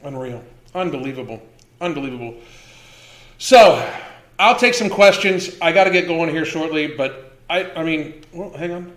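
Hosting a livestream from an echoey room, a man in his fifties goes on a profane, heated rant, repeating points for emphasis. His voice runs on the high side, animated and a bit bright, at a moderate pace.

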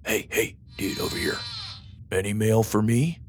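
A man's voice: on the low side, flat delivery, a little slow, faint music behind, close to an everyday voice. A man voicing a grumpy, secretive teenage boy cadet who mumbles awkwardly. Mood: sheepish.

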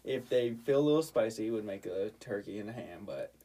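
A man's voice: on the low side, animated, fairly quick, mellow, recorded from a distance. A man co-hosting a podcast, dropping dry teasing remarks in casual banter. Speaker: podcast co-host.

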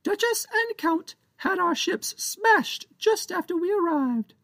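Tiny pirate captain, very high squeaky shouting, accusing, dry sound. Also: male voice, expressive, takes it slowly, no echo, full character voice. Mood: suspicious. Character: tiny shrill male pirate captain, distrustful.

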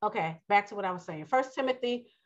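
A woman preaching a casual sermon, reading scripture and talking straight to her listeners, calling them honey and baby. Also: fast talker. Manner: animated, rising high when quoting the Most High. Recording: lo-fi dull audio.

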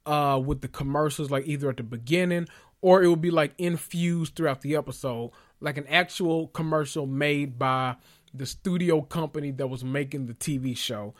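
A man hosting a casual recap, animated and joking, with frequent profanity. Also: on the high side, normal speed. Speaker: podcast host recapping a TV episode. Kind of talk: casual chat.

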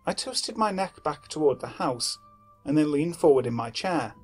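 A man narrating a horror story in a measured, somber way. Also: fairly high pitch, expressive, husky, soft background music.

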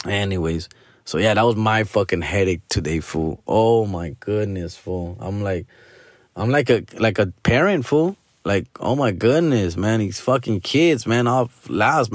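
A man's voice: on the low side, dry recording, clean studio sound. A man telling a rambling, profane story in slangy English with Spanish mixed in.

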